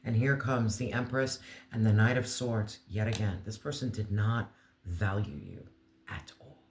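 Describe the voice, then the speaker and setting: A man giving an earnest, emotional tarot reading, slowing down to stress key words. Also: lowish voice, echoey room, slight background noise. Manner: earnest, emotional, slow deliberate emphasis. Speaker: tarot reader.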